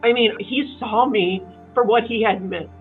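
Her pitch runs fairly high and her pace measured as this Kansas City–area woman, middle-aged, recounts her story as an interview guest. Lively and filler-heavy, she performs the voices of people she quotes; the audio sounds tinny and phone-like, with faint music behind it.

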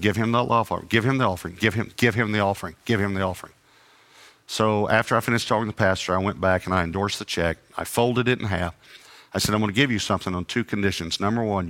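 Bright-voiced man preaching a story. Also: low voice. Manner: animated anecdotes with acted-out dialogue and self-deprecating humor. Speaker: traveling preacher. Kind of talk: sermon storytelling.

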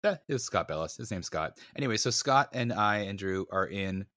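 A man with a fairly low voice tells a story in a casual chat and acts out the people in it. He pokes fun at himself. His voice is close and dry, with no room sound. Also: a little fast, no echo. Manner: animated, acts out voices in anecdotes, self-mocking. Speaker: podcast co-host.

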